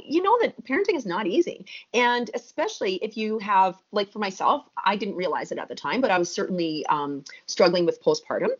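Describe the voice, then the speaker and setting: A woman's voice: mid-range voice, dull audio. A woman guest on a podcast interview, talking emphatically and with energy, full of fillers.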